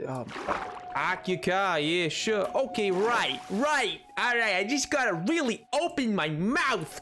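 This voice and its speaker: A young man streaming a game, chatting casually and jokily, swinging between mumbling asides and sudden shouts. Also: sits high. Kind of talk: casual live-stream chatter while gaming.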